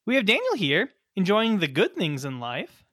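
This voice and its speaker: A man's voice: high voice, huge pitch swings, normal speed, fairly bright tone, no echo, clean studio sound. A man hosting and running the game, introducing co-hosts in upbeat, laughing banter. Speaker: host and dungeon master.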